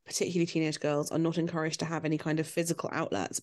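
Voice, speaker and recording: A woman in casual conversation, telling candid stories in an animated way with many restarts. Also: low-pitched, racing. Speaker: guest. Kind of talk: casual podcast chat.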